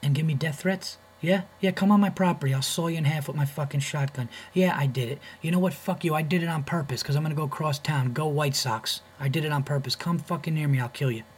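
A man voicing a defiant, furious man taunting angry fans, profane and pitched up. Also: fast talker, hardly any pauses, husky.

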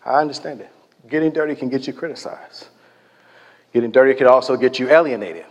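A man's voice: mid-range voice, brisk, long reverb tail. A man preaching a sermon, telling stories with emphasis and dropping to near-whispers for effect.

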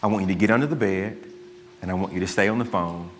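A man playing a grim, determined father who speaks low, steady and menacing. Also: quick pace, slight background noise, natural voice. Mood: urgent calm. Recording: long hall reverb.

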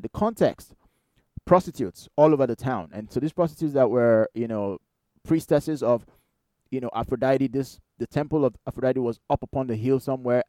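A man preaching a sermon in a conversational, animated way, firing rhetorical questions at the congregation. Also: medium pitch, no room sound. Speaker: pastor.

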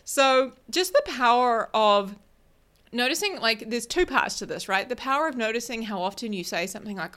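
A woman's voice: on the high side, animated, normal speed, fairly bright tone. A woman life coach hosting her own podcast, talking casually and often checking in with "right?" and a small laugh at herself. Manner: chatty, keeps asking "right?", laughs at herself. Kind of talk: casual solo podcast talk.

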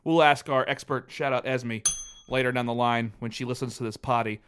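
A man's voice: medium pitch, fairly quick, clear, resonant tone. A man hosting a podcast in casual chat, swearing freely and laughing often. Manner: profane, animated, laughs often. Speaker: podcast host.

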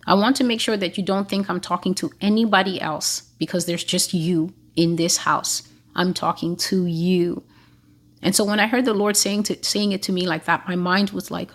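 A woman's voice: on the low side, fairly even intonation, moderate pace. A woman giving a prophetic teaching monologue, emphatic and repeating phrases for stress.

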